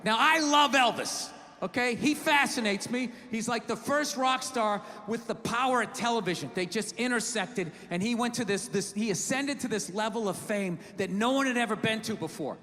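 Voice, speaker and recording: A man doing a stand-up comedy set on stage, ranting loudly with asides to the crowd, through a handheld mic. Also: very high-pitched, normal speed, few pauses. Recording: live venue, crowd and reverb.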